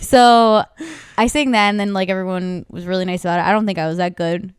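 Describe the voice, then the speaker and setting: A woman's voice: medium pitch, steady tone, fast, clean tone, no room sound, studio quality. A young woman hosting a podcast, telling stories in a chatty way and swearing freely. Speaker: podcast host. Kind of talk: casual chat.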